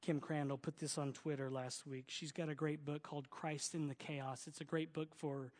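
High-voiced Southern pastor preaching. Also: male voice, level tone, normal speed, a little mellow, big-room sound. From Oklahoma. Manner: folksy, emphatic preaching with jokes. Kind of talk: sermon.

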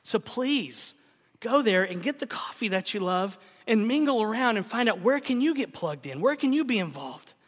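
A man preaching a sermon as pastor, emphatic, swinging between loud exhortation and hushed appeals. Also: sits high, expressive, moderate pace, long reverb tail.

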